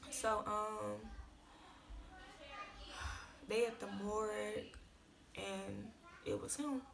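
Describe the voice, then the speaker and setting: A woman's voice: medium pitch, flat delivery, drawn-out words, gravelly, noisy background. A young woman vlogger telling an emotional story in a casual, slangy, tearful rush.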